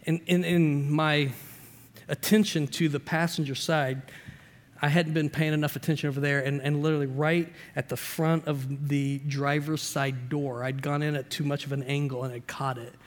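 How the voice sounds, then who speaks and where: Male pastor, sermon, animated storytelling, fairly high voice, long hall reverb. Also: moderate pace. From Indiana. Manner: animated storyteller, shifting loud and soft, acts out dialogue.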